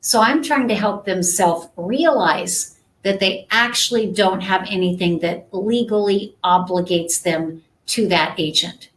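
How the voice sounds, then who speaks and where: The recording is low quality as a woman, mid-range and measured, runs a conversational live-stream coaching session as a sales trainer. "Right?" and "okay?" come up often as she checks in with viewers.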